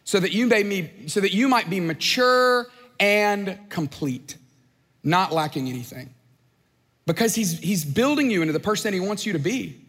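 A man's voice: sits high, lively intonation, moderate pace, a bit bright. A man preaching a sermon in a conversational, joking way, slipping into playful voices. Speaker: pastor. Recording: long hall reverb.

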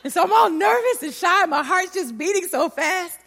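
Animated woman preaching in a reverberant hall. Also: extremely high pitch, moderate pace, creaky. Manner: animated, acts out voices in her story. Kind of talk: sermon with personal storytelling.

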